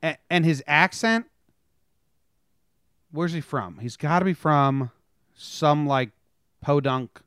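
A man's voice: fairly high pitch, expressive, takes it slowly, long pauses, a bit bright, clean tone, no echo. Podcast guy rambling about sports and tv, cuts himself off a lot, dry close mic. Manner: rambling, self-interrupting. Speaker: podcast co-host. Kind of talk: casual sports chat.

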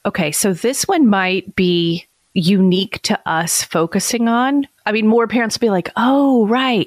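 A woman in her forties talks in a casual, reflective way and laughs easily. Her voice sits on the low side and comes through close and dry, with no room sound. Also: darkish tone, no echo. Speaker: podcast co-host. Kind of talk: casual conversation.

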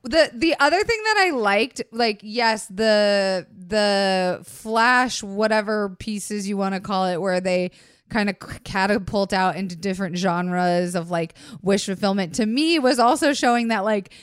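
A woman's voice: mid-range voice, a little slow, clear, resonant tone, dry recording, clean studio sound. A woman co-hosting a podcast in casual chat, teasing and enthusiastic, with some swearing. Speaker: podcast co-host.

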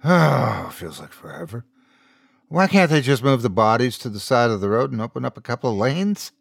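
A man's voice: medium pitch, very animated, moderate pace, vocal fry, dry recording. A man voicing a snippy, impatient young woman who complains and snaps in a dry, close recording. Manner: sharp, complaining, dismissive.

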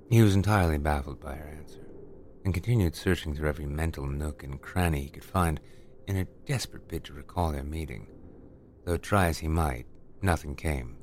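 Brief: low-voiced male storyteller, slow and deliberate, for a spooky podcast reading. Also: lively intonation, a little mellow, a little hiss or hum. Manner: measured, deliberate, dramatic. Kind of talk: scripted horror story narration.

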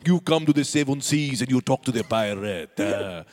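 A man putting on the voice of a wild, dreadlocked male pirate, loud and drawn-out. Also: medium pitch, lively intonation, close to an everyday voice. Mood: boastful.

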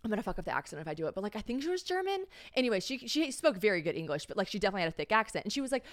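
A young American woman hosting a podcast at home, telling a story in casual chat and acting out the voices she quotes. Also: racing. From United States. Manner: animated, acts out quoted voices in a high pitch. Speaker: podcast host.

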